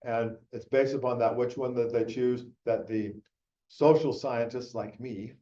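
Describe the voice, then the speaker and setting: A man's voice: mid-range voice, steady tone, measured pace, dark tone, a little hiss or hum. Rambling middle-aged man giving a keynote. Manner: rambling, conversational, with many fillers and restarts. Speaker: keynote speaker. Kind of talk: conference talk. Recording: echoey, muffled room recording from a distance.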